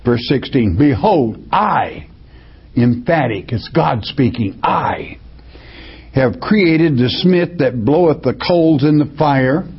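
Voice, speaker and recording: A man preaching a Bible study, reading verses slowly and then explaining them in plain words. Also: a little high, slightly rough. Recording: dull lo-fi recording.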